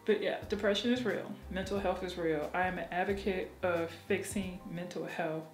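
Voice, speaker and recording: A woman's voice: fairly low pitch, steady tone, normal speed, reverberant, soft background music. A woman talking frankly and emotionally in a candid personal vlog, swearing freely and laughing often. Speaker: vlogger.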